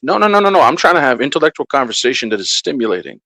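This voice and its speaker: A man's voice: mid-range voice, very animated, rapid-fire, few pauses, fairly bright tone, no room sound, low-quality recording. A man ranting bluntly and profanely in a heated casual panel talk.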